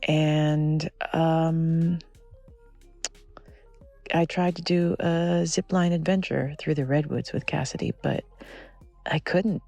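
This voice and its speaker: A man's voice: a little high, fairly even intonation, slow pace, creaky, pauses often, darkish tone, soft background music. A man in his forties whispering outdoors in a redwood forest, rambling and self-deprecating. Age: 40s. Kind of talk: casual whispered vlog monologue.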